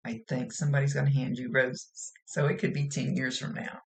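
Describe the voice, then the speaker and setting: A woman's voice: very deep voice, flat delivery, brisk, creaky, a little mellow. A woman working as a psychic medium, giving a casual reading in a chatty, folksy, rambling way.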